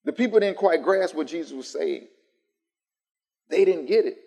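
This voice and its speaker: A man's voice: a little high, animated, normal speed, gravelly, dark tone. A man preaching a sermon to a live congregation, building through emphatic repetition. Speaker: pastor. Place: church sanctuary, live-streamed. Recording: long church reverb.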